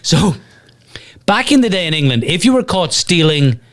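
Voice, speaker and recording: An American man co-hosting a casual talk show, lively and enthusiastic when explaining. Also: on the high side, moderate pace. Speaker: co-host. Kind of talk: casual chat.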